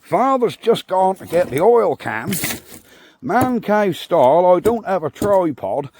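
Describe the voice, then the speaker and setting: A man's voice: high voice, very animated, slow, a little mellow, slight background noise. A man chatting cheerfully to viewers, recorded on a phone propped up in an outdoor yard. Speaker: vlogger. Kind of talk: casual chat to camera.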